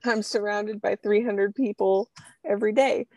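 A woman guest telling stories in a casual interview conversation, lively and quick to laugh. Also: medium pitch, no room sound. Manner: lively storyteller, laughs often.

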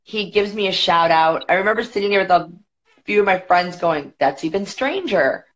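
Chatty woman guest with a lowish voice, quick storytelling full of "like", muffled lo-fi podcast sound. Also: expressive, fairly bright tone. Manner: chatty, quick, many "like" fillers. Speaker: podcast guest, boxing federation executive. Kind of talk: casual storytelling. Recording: dull lo-fi podcast audio.

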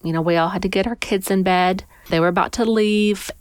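A woman's voice: medium pitch, brisk, clean tone, no room sound, studio quality. A woman animatedly telling a personal story in conversation, acting out what people said. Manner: animated, acts out people's lines. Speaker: guest storyteller.

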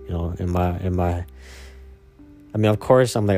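A man's voice: deep voice, flat delivery, fast, darkish tone, soft background music. A man in his twenties telling a personal story casually, rambling and slangy, with lots of fillers. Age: 20s. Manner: rambling and slangy, full of "man" and "you know".

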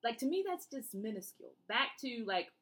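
A woman's voice: a little high, a little fast. A woman, co-hosting a casual podcast chat and acting out quotes as she tells stories. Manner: animated storyteller, acts out quotes. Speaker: podcast co-host.

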